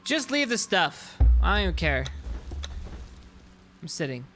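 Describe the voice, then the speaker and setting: Casting: male game streamer, high-ish bright voice, bouncy exasperated ranting with lots of swearing. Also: sing-song, measured pace, faint music behind. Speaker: streamer playing a roleplay game. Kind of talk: casual game chat.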